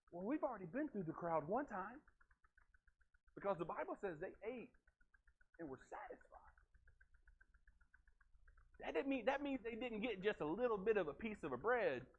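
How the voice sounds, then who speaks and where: A man preaching a sermon in a church, telling the story in a folksy, animated way. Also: very high voice, moderate pace, long pauses, lo-fi sound. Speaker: pastor. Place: church sanctuary.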